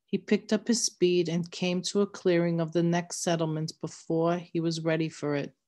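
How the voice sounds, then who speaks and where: A woman with a fairly low voice reads a novel aloud. Her narration is steady and measured, carrying the story along evenly. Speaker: reader.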